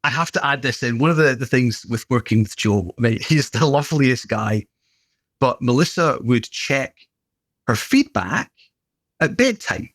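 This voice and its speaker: A man's voice: medium pitch, lively intonation, measured pace, fairly bright tone, dry recording. A middle-aged British man and gym owner, telling stories in a chatty, good-humoured way as a podcast guest. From Britain. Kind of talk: casual anecdotal conversation.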